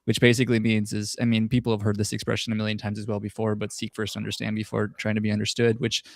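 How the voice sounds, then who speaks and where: A man hosting a podcast in relaxed, rambling chat, swearing casually. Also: fairly low pitch, quick pace, no echo, clean studio sound. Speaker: podcast host.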